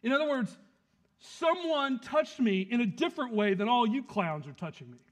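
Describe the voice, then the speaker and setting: A man preaching a sermon, swinging between loud emphasis and quiet asides and acting out quick quotes. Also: very high-pitched, very animated. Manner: plays out the scene with quick acted quotes. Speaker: pastor.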